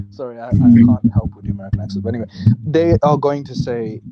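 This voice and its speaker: A man's voice: medium pitch, wildly swooping pitch, a little fast, highs cut off, heavy background noise. A man hosting a livestream discussion on a video call. He asks probing questions, restates the other person's points back to them and cracks jokes. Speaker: livestream host.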